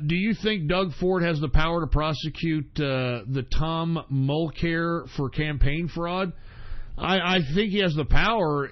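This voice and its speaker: On his casual talk radio program, a male host fields listener questions, ranting profanely and suddenly breaking into shouts. His voice is a little high, and the audio is dull.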